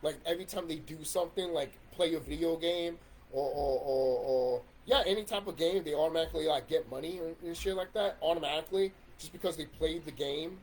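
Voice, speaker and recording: A man's voice: fairly high pitch, brisk, darkish tone, a little hiss or hum. A man in a casual ranting monologue about video games, swearing and rambling with restarts. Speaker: YouTube commentator.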